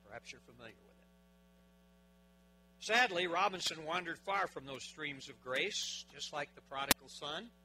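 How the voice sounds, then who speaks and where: A man preaching a sermon, dramatic, with big swings in loudness, asking his listeners questions. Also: on the high side, animated, normal speed, poor audio.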